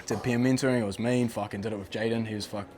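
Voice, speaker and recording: A young man with a New Zealand accent, telling lively, slang-heavy, swear-filled stories as a podcast guest. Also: lowish voice, fast talker. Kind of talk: casual storytelling chat.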